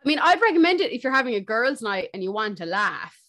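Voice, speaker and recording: A woman's voice: on the high side, big pitch swings, fast, fairly bright tone. A young woman, co-hosting a casual podcast, blunt and jokey with crude asides. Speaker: podcast co-host. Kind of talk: casual chat.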